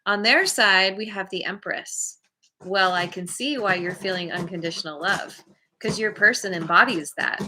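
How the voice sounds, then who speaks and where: A woman's voice: mid-range voice, normal speed, pushed and bright, a little hiss or hum. A woman doing a casual tarot reading to camera, chatty and meandering, laughing at herself. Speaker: tarot card reader.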